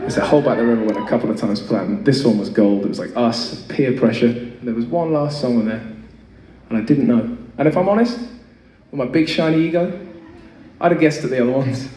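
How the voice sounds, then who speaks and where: A man in his thirties spins a rambling, self-mocking tale from a concert stage, cursing casually as he goes. His voice sits at an ordinary pitch but comes across distant and echoey, as if captured from out in the hall with loud ambience around it. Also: animated, a little fast, slight background noise. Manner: chatty, self-mocking, swears freely. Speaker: singer performing live. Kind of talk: on-stage storytelling between songs. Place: large concert venue, in front of an audience. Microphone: stage mic through a PA.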